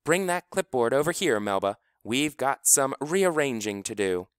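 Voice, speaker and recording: A man's voice: mid-range voice, big pitch swings, moderate pace, clear, resonant tone, no echo, clean studio sound, voice pushed up, natural voice. A man putting on a showy, theatrical pageant lady. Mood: bossy. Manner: grand and showy, sudden stage whispers. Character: theatrical grown woman pageant director.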